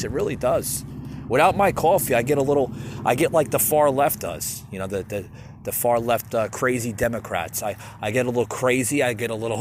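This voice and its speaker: A man hosting a solo podcast in a ranting monologue, stammering and repeating himself as he calls out to his listeners as folks. His pitch swings widely, rising and dropping, and there is faint noise behind him. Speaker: podcast host.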